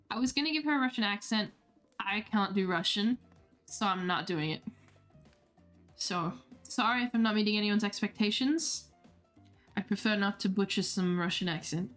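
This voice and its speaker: A woman's voice: medium pitch, moderate pace, fairly bright tone, faint music behind. A woman streamer reading a dating game aloud, playful and laughing, with self-deprecating asides.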